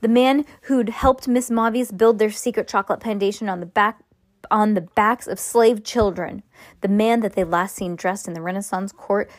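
A woman's voice: mid-range voice, dry recording. Woman reading a novel aloud at home. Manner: reads with asides, restarts and laughs. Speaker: parent reading aloud to a child. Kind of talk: casual read-aloud of a novel.

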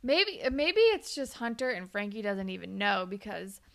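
Creaky-voiced young woman chatting. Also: mid-range voice, sing-song, normal speed. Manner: chatty, lots of "like", laughs often, acts out characters' lines. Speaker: podcast co-host. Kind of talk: casual chat recapping a TV show.

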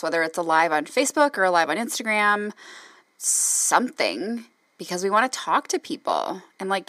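A woman's voice: mid-range voice, fairly bright tone, dry recording, studio quality. A woman from Wisconsin with a Wisconsin accent, co-hosting a podcast in casual chat, swearing freely and laughing often. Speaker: podcast co-host, counselor.

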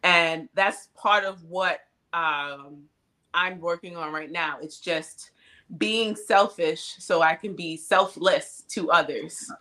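Bright-voiced woman podcast host. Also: fairly low pitch, slow pace. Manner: candid and chatty, laughs often. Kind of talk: casual chat. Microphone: cell phone.

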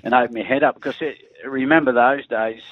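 A middle-aged Australian man comes through a narrow, tinny phone line, with a dry sound and nothing of a room around him. He is a former footballer who rambles through his stories and keeps breaking off to laugh. His voice sits at an everyday pitch, and he restarts his sentences often. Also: steady tone, brisk, no room sound. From Queensland, Australia. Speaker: former rugby league player as guest. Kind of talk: rambling anecdotal chat.

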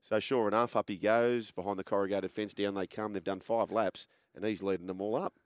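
A man's voice: on the low side, a little fast, clean tone, dry recording, clean studio sound. An Australian man hosting a casual sports chat, telling a story and acting out the quotes. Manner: animated storyteller, acts out quoted voices. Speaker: host.

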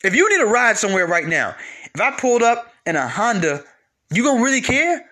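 A man with a high, forceful voice preaches from the Bible in a loose, conversational way. He talks straight to his listeners and keeps driving his points home through repetition. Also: a little fast. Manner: animated, talks straight to listeners, repeats for emphasis.

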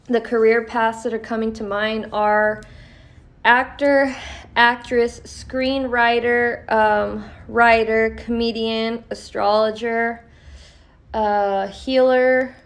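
Slow, gravelly profane tarot-reading woman. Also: a little high, fairly even intonation. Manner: profane, blunt, encouraging. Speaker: tarot reader. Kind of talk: casual tarot reading podcast.

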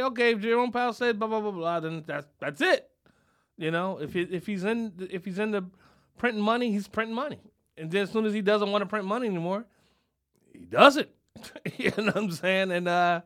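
A man co-hosting a comedic podcast, rambling and swearing, now and then bursting into shouts. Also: high-pitched. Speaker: podcast co-host. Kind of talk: casual comedic podcast rant.

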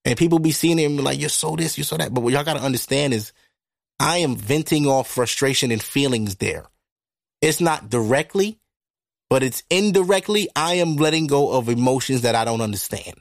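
A man hosting a podcast, talking through a casual monologue into a microphone in a blunt, profane, animated way. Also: medium pitch, a little fast, creaky, no echo, clean studio sound. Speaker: podcast host. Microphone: studio microphone.

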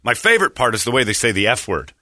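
A man's voice: medium pitch, very animated, very fast, sharp tone, no echo, clean studio sound. A man hosting a morning radio show in casual chat, rambling and breaking off his own sentences as he tells stories. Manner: rambling, self-interrupting storyteller.

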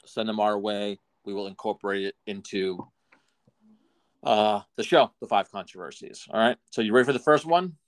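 Low gravelly guy hosting a podcast, dry and wry, lots of you knows. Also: moderate pace. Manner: dry, wry, filler-heavy segment intro. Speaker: podcast host. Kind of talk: casual podcast chat.

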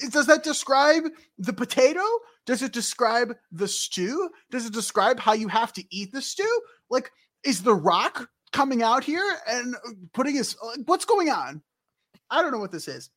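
Guy on a podcast recapping a game, lively, keeps doing goofy character voices. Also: very high-pitched, unhurried. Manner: animated, acts out characters in silly voices. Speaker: podcast co-host. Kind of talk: casual recap chat.

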